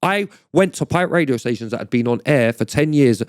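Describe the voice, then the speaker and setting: A man's voice: mid-range voice, lively intonation, fairly quick, smooth. A middle-aged man, a podcast guest telling stories in blunt, swearing street slang. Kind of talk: casual storytelling chat.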